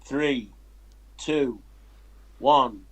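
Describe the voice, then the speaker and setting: A man's voice: medium pitch, very slow, low-quality recording. A man who is a guest on a live stream, joking and bantering casually. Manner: jokey, playful banter. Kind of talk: casual chat.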